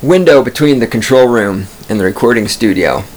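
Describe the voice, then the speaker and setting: Medium in pitch, expressive and fairly quick, the man's voice has a slightly mellow quality, with light background noise. He's a podcast host in a studio booth, spinning stories in a rambling, foul-mouthed, self-amused way.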